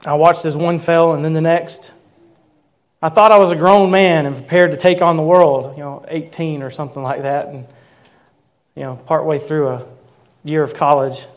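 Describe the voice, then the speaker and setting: A male pastor in his thirties with a somewhat high-pitched voice, preaching. He tells a personal story in an earnest way and slows down to stress important words. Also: steady tone. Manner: earnest storytelling, slowing for emphasis. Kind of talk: sermon.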